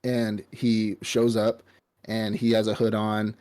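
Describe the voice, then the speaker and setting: Guy with a lowish voice rambling thru an anime recap, swears a lot, laid back. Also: monotone, slow, darkish tone. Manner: rambling, profane storytelling with laughs. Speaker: podcast host. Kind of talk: casual anime recap chat.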